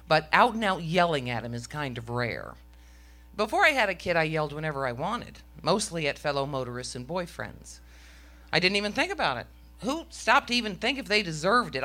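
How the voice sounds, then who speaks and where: A woman's voice: lowish voice, sharp tone. A middle-aged woman telling a story on stage to a live audience, with a wry, self-mocking comic delivery.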